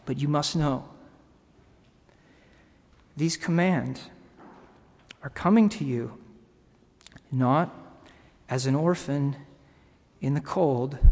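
A man preaching a sermon to his congregation, earnest and halting, with pauses and restarts. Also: on the high side, darkish tone. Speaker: pastor. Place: church sanctuary. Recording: long reverb of a hall.

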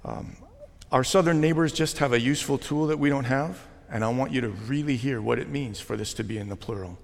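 A man preaching a sermon as pastor, talking in a conversational way with gentle jokes. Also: medium pitch, brisk, gravelly. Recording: long hall reverb.

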